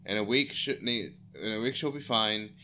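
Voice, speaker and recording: A man's voice: lowish voice, moderate pace, pushed and bright, slight background noise. A man co-hosting a podcast, recapping a TV show in casual chat, laughing often and doing silly voices. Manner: laughing, playful, puts on silly voices for the dog. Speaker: podcast co-host.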